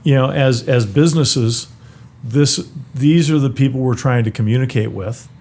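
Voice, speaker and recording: A man's voice: mid-range voice, moderate pace, a little mellow, a little hiss or hum. A middle-aged man talking as an interview guest, often restarting and repeating words as he thinks. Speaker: guest, brewery founder. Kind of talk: conversational interview.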